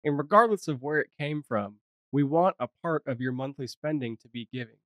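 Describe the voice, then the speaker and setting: A man co-hosting a podcast as a financial advisor, speaking in a calm, agreeable and supportive way. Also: fairly high pitch, brisk, dry recording. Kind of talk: conversational podcast discussion.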